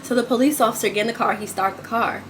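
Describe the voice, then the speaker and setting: A woman with a slightly high voice recounts a story straight to her viewers, chatty and dramatic. She calls them y'all and swings from loud exclamations down to hushed asides. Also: fairly even intonation, fast, a little hiss or hum. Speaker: vlogger. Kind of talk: casual storytime vlog.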